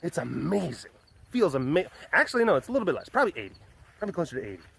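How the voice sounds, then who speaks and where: A man's voice: fairly high pitch, sing-song, rapid-fire, vocal fry, fairly bright tone, a little hiss or hum. A man vlogging outdoors in a casual, rambling way, joking with many fillers and restarts, filming on a phone. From Texas. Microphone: phone held in hand.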